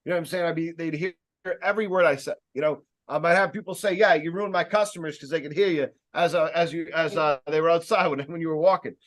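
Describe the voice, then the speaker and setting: A man giving a casual sales training talk, speaking loudly and emphatically, with rambling jokey asides and plenty of fillers. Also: fairly high pitch, quick pace. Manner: loud, emphatic, projecting voice.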